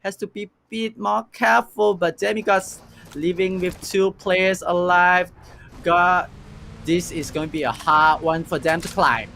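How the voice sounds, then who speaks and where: Male esports caster, excitable play-by-play, a touch high, faint background noise. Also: unhurried, vocal fry. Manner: excitable, frequent "ooh" and "oh" reactions. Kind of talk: live play-by-play commentary.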